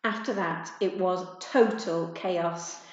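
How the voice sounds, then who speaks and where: Lady reading a kids' story out loud, gentle, really echoey room, dull muffled sound. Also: lowish voice, steady tone, slow pace, a little hiss or hum. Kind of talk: storybook read-aloud.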